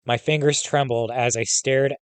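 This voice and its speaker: In a dry, close recording free of echo, a male teacher reads a first-person memoir aloud. He speaks plainly and steadily at a middle pitch, his tone clear and resonant, with the odd quick, offhand aside.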